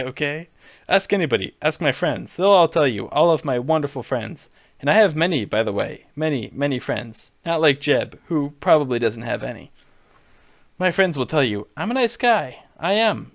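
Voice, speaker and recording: A man's voice: on the high side, no echo. A man putting on a boastful, blustering politician voice with punchy, repetitive bragging. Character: boastful blustering male politician impression, self-aggrandizing.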